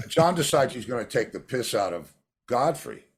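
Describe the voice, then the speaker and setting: A man's voice: mid-range voice, moderate pace. A male drummer and producer being interviewed, telling anecdotes and acting out the voices of the people in them. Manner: animated storyteller who acts out quoted voices.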